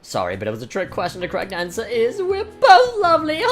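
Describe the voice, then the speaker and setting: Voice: high voice, very animated, moderate pace, pitched above the performer's own voice. A woman voicing a flamboyant, flirty male fashion cop in a theatrical, sing-song way, over game music.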